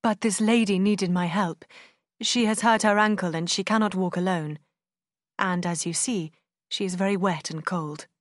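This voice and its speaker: A courteous young gentleman from a storybook, read by a woman. He speaks formally and politely, a little fuller in volume. The recording is dry and close. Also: lowish voice, steady tone, normal speed, dry recording, natural voice.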